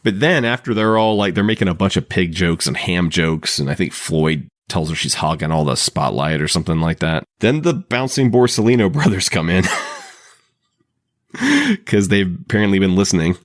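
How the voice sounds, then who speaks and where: A man's voice: deep voice, sing-song, normal speed, dry recording, clean studio sound. A man hosting a podcast in casual chat, talking loosely with frequent laughs and restarted sentences. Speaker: podcast host. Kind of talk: casual chat recapping a TV episode.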